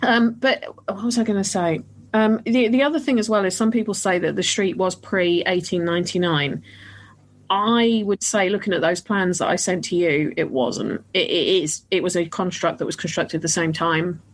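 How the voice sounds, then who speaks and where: A woman's voice: lowish voice, moderate pace. A woman hosting a podcast and chatting casually, often restarting her sentences. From northern England. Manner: chatty, many restarts and fillers. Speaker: podcast host. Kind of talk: casual chat.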